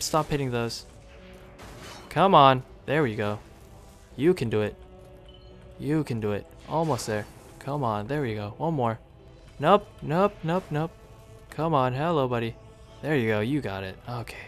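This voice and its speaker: A man giving casual commentary over his own gameplay, chatting to the screen and coaxing the units along. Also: medium pitch. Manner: chatty, talks to the game units, sudden excited outbursts. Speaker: gaming video creator.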